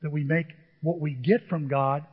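A man preaching a sermon as pastor, animated and storytelling, acting out the voices of the people in his stories. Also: on the high side, moderate pace, breathy edge, big-room sound, narrow, tinny audio.

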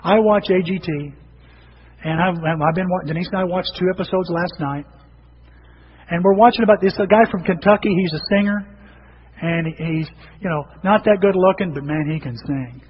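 A man's voice: high-pitched, moderate pace. A middle-aged man preaching a sermon to his church in a conversational storytelling way, acting out the people he quotes. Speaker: pastor. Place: church sanctuary. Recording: dull reverberant hall recording with faint noise.

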